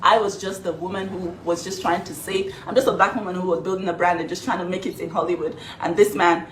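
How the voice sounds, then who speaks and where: A woman's voice: on the low side, steady tone, fast. Earnest, defiant woman in an echoey room. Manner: earnest, defiant, holding back tears. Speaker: vlogger telling her side. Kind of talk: casual to-camera vlog. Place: home kitchen. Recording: echoey room, faint background noise.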